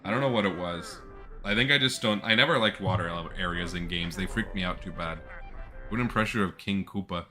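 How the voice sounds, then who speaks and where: A man's voice: sits low, fairly quick, bright, forceful tone, soft background music. A man giving chatty, jokey, casual commentary while playing a video game. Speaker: gameplay streamer.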